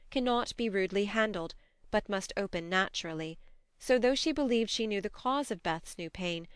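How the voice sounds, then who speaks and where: A woman narrating an audiobook in a measured, expressive reading. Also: medium pitch, clear, resonant tone, no room sound, clean studio sound. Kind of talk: scripted narration.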